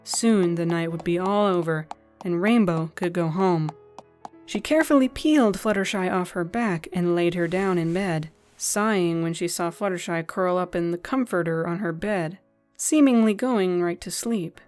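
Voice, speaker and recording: A woman narrating a fan-fiction story in a gentle, even reading style. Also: fairly low pitch, normal speed, soft background music.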